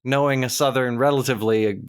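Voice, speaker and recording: A man co-hosting a casual podcast, reading out scores in a measured, methodical way. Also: medium pitch, steady tone, smooth. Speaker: podcast co-host running a rating game. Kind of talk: casual chat.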